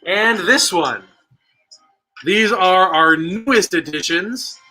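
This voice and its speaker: Young male trivia host, high pitch, bright edge, goofy and quick with a joke. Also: faint music behind, low-quality recording. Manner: playful and jokey, rattling off viewer guesses. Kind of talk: livestream game hosting.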